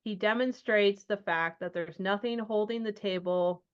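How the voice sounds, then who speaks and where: A woman's voice: medium pitch, normal speed, smooth. A woman narrating a tabletop horror game as game master, loose and chatty, with many ums and likes. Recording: dull lo-fi sound.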